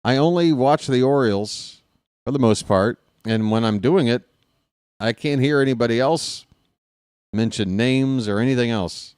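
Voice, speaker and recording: A man calling a baseball game on his own stream, chatting casually between pitches and cracking small jokes. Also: moderate pace, darkish tone, clean tone, no echo, clean studio sound. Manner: casual, self-deprecating, jokey between pitches. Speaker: fan play-by-play broadcaster. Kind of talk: solo baseball play-by-play with chatty asides.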